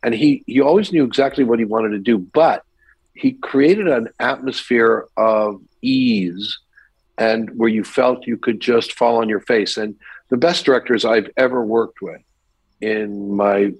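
Older man with a husky, dry voice. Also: mid-range voice, measured pace, dry recording, low-quality recording. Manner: animated anecdote teller, mimics voices in quotes. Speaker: actor guest. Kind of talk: storytelling in a podcast interview.

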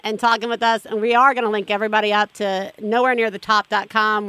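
A woman's voice: a little high, sharp tone, smooth, dry recording. A woman co-hosting a parenting podcast, chatty and retelling a guest's stories in a casual interview. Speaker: podcast co-host.

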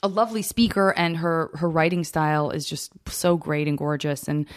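A woman's voice: sits low, steady tone, moderate pace. A woman hosting a podcast, musing thoughtfully and searching for her words as she talks. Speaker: podcast host. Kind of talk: casual chat.

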